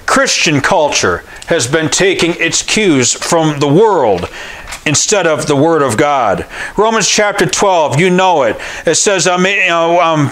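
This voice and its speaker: An American preacher with a lively voice that swings wide in pitch. He tells a story and acts out its voices, climbing to near-shouts at the tense moments. Then he calls out questions for the congregation to answer. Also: takes it slowly. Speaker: pastor. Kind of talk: sermon.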